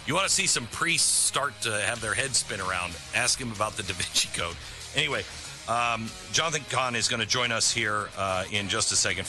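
A man's voice: lowish voice, fairly quick, bright, forceful tone, faint music behind. A man hosting a talk radio show, chatting casually and rambling with many fillers.

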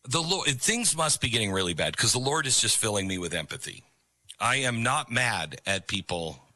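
A man's voice: mid-range voice, sing-song, normal speed, bright, forceful tone, dry recording. A middle-aged man hosting a talk radio show, speaking in a conversational, rambling way with sarcastic asides. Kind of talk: talk radio monologue with live ad read.

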